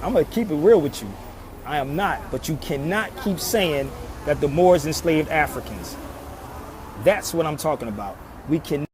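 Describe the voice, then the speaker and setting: A social media commentator from Philadelphia, USA gives an impassioned street monologue outdoors, emphatic and preachy, repeating the same pleas over and over. His slightly high voice is expressive at a normal speed, with city traffic rumbling clearly behind him.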